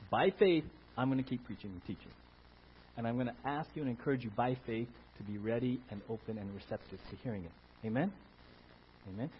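A male pastor preaching an animated sermon and calling for amens, on a dull lo-fi recording. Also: mid-range voice, a little hiss or hum. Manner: animated, calls for Amen from the congregation.

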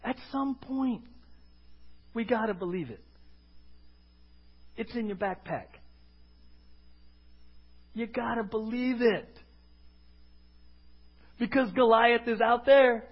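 A man's voice: sits high, animated, unhurried, long pauses, breathy edge. A male pastor preaching an emphatic sermon, firing questions at the congregation for them to answer back. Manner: emphatic, call-and-response questioning. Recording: dull lo-fi recording.

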